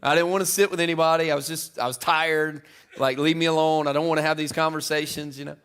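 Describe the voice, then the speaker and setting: A middle-aged man preaching a sermon in a church, chatty and casual, building to loud, emphatic peaks. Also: fairly high pitch, fairly even intonation, fast, smooth. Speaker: pastor. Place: church auditorium.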